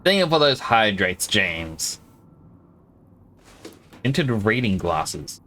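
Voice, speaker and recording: Aussie guy chatting while he plays, lively up-and-down voice, bright tone. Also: on the low side, slow pace, a little hiss or hum. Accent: Australian. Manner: chatty, joking, thinks aloud. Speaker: game streamer. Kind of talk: casual gameplay commentary.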